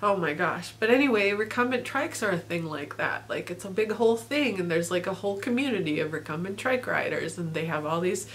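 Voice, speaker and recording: A woman's voice: fairly low pitch, animated, a little fast, hardly any pauses, fairly bright tone, a little hiss or hum. Tearful, grateful woman vlogger laughing through it. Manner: rambling with many fillers. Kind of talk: personal video diary.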